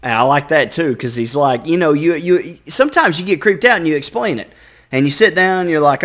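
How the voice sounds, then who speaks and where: A man's voice: a little high, expressive, fairly quick, a bit bright. A man giving casual reaction commentary, chatty and acting out little inner voices. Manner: chatty, acts out inner voices, repeats himself. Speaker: reaction video host.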